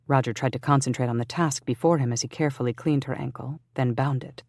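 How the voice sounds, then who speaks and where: An audiobook narrator reading a historical romance in an even, measured way. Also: medium pitch, no echo, clean studio sound.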